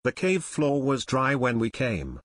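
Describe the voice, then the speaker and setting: A man reading an audiobook voices a calm, decisive teenage boy who leads his friends. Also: mid-range voice, measured pace, no echo, studio quality. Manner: decisive, level.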